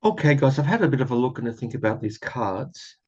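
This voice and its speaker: A man of middling pitch chats through a casual tarot reading, rambling in an earnest way and laughing at himself now and then. His voice comes through a slightly muffled home recording. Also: animated, fairly quick, darkish tone. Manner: rambling, earnest, chatty with self-deprecating laughs. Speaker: tarot reader.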